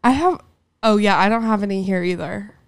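A young woman in her twenties chatting in a quick, joking, dramatic way. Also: medium pitch, smooth, no echo, studio quality. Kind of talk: casual chat.

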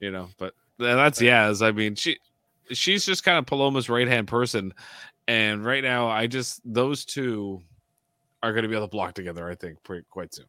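A man's voice: medium pitch, lively intonation, moderate pace, pushed and bright, clean tone, no room sound, clean studio sound. A man co-hosting a casual podcast chat, rambling with lots of "like" and restarts. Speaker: podcast co-host.

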